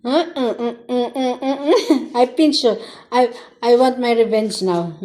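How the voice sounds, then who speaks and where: A woman's voice: on the high side, measured pace, a little mellow. A young woman with a Filipino accent playfully scolding her pet, teasing and mock-stern with sing-song questions. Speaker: vlogger.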